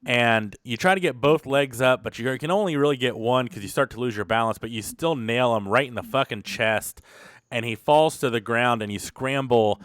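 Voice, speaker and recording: A man's voice: medium pitch, normal speed, fairly bright tone, smooth, dry recording, studio quality. A man running a tabletop game as game master, narrating in a loose, conversational way with many fillers.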